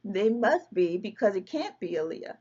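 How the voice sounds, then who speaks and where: A woman's voice: mid-range voice, sing-song, normal speed, mellow, husky, lo-fi sound. A woman guest telling an emotional personal story, vividly reliving scenes with quoted dialogue.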